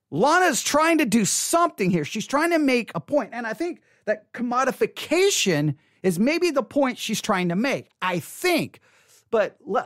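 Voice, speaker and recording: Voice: medium pitch, no room sound, studio quality. A speaker giving casual spoken commentary on an album, chatty and repetitive, often retelling their own reactions. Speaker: online commentator on faith and music.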